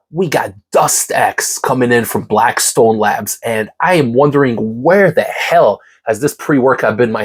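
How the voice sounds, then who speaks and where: Man, husky, congested, enthusiastic, repetitive hype, casual supplement review. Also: on the low side, darkish tone. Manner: enthusiastic, hype-driven, repeats key words. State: congested, recovering from a cough. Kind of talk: casual ranking review to camera.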